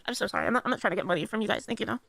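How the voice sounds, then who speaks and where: A woman's voice: mid-range voice, very animated, very fast, vocal fry, a bit bright, slight background noise. A woman streamer rambling emotionally and swearing often during a casual livestream.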